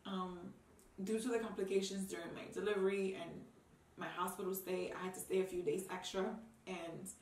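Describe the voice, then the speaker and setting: A young woman, a new mother, speaks to the camera in a heartfelt, rambling way, full of ums and restarts, and she is tearful at times. Her voice sits on the low side and is steady, fairly quick and darkish, with a little hiss or hum. The room sounds roomy and the mic is a bit distant.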